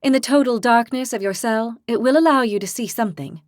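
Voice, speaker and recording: A woman's voice: a little high, brisk, no room sound, clean studio sound, lightly acted. A woman voicing a hot-tempered young horned woman who speaks bluntly and sarcastically. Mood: brisk.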